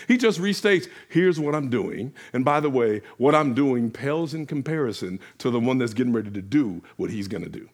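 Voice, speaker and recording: A man preaching a sermon as a pastor, moving between hushed lines and loud ones and repeating phrases for emphasis. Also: mid-range voice, lively intonation, fairly quick, hardly any pauses.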